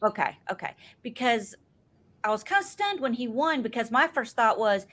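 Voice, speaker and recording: Chatty older woman, rambling and excitable. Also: fairly high pitch, normal speed. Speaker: podcast co-host. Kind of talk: casual podcast chat.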